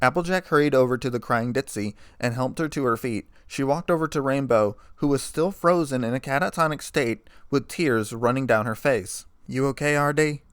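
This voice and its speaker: A man reading a fan fiction story aloud in a plain, steady narrating voice. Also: medium pitch, normal speed, hardly any pauses, clear, resonant tone, no room sound, clean studio sound.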